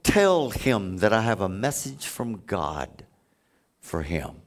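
A man's voice: fairly low pitch, very animated, slow, pitched below the performer's own voice, full character voice. Man voicing a bold preacher bringing a stern warning. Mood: solemn. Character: bold male preacher delivering God's warning.

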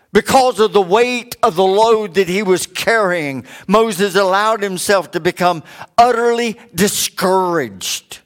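Slow, high-pitched preaching man. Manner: swings from raised preaching to low joking asides. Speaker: pastor. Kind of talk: sermon.

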